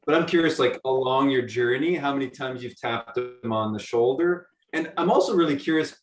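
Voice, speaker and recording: A man's voice: mid-range voice, recorded from a distance. A man from Quebec asking a friendly, curious question on a group call, with some hesitation. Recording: roomy sound from off the mic.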